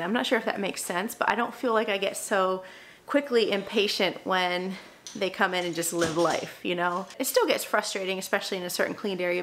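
Chatty young mom, filler-heavy. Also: female voice, mid-range voice, a bit bright, a little hiss or hum. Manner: chatty, frequent "like" fillers, self-deprecating asides. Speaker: vlogger and mom. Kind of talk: casual talk to camera while cleaning.

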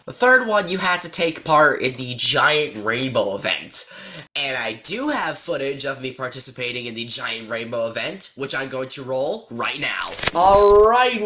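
A man's voice: on the high side, fairly bright tone, slight background noise. A man chatting casually as he walks through a game update, joking around and teasing himself. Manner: joking, chatty, self-mocking. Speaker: gaming YouTuber.

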